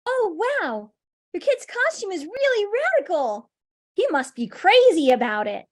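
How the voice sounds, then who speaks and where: Female reader as a slangy young waitress, very high and lilting. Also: big pitch swings, a little slow, exaggerated voice. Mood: breezy. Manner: breezy, chatty. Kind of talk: amateur script reading.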